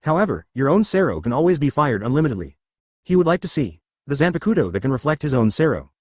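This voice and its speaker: Narrating a story from a script, a man keeps a steady delivery while talking fast. His pitch stays mid-range yet moves up and down animatedly, and the sound is dry and close-miked, free of any room echo.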